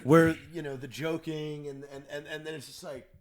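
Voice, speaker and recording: A man on a podcast telling a story in a halting way that trails off. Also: fairly high pitch, steady tone. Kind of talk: casual storytelling chat.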